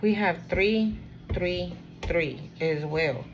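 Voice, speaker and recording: A woman giving a casual spiritual card reading to camera, rambling and encouraging the viewer, sometimes dropping to a quieter murmur. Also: fairly low pitch, extremely slow, lo-fi sound, noisy background. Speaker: tarot and oracle card reader.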